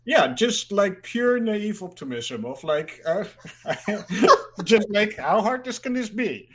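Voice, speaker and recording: A man's voice: sits high, sing-song, takes it slowly, sharp tone. A man from the Netherlands, a guest in a casual interview, rambling and filling his talk with "like.". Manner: rambling, fills speech with "like", laughs easily.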